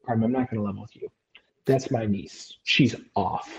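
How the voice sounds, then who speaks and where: A man's voice: lowish voice, normal speed, creaky, voice pushed down. A man voicing a nervous, weary male professor who hesitates and confides, swearing as he goes. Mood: confiding. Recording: roomy, dull lo-fi sound.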